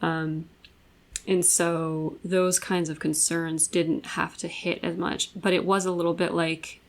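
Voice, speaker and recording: A woman's voice: fairly low pitch, flat delivery, a little slow, poor audio. A young woman co-hosting a podcast, talking frankly and bluntly about a personal experience, swearing freely. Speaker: podcast co-host. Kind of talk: candid personal conversation.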